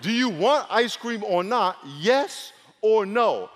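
A pastor from New York preaching a humorous sermon, acting out dialogue between stories. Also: male voice, lively intonation, slow pace. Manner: storytelling, acts out dialogue with big pitch swings and laughs. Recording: long hall reverb.

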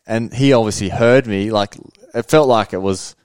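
A young man talks casually as a guest, rambling through his race stories with the odd laugh. His voice is low and smooth, and it sits dry and close with no room around it. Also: moderate pace, a little mellow, no echo. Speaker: guest motocross racer. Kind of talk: casual interview storytelling.

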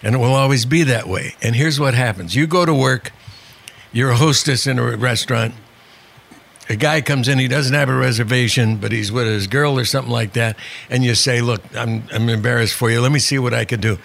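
An older man with a gravelly, creaky voice settles into a long show-business anecdote. He talks wryly and conversationally, slipping into the voices of the people he quotes. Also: medium pitch, a little fast, fairly bright tone. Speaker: guest, comedian. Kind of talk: storytelling interview chat.

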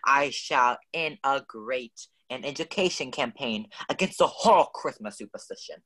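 A man's voice: medium pitch, sharp tone, full character voice. A man voicing a stuffy, lecturing husband who declaims in a pompous way, as in a radio play.

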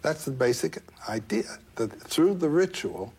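A man retelling a folk tale in an interview, animated and digressive, with a scholarly turn. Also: medium pitch, unhurried, a little hiss or hum. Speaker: guest storyteller.

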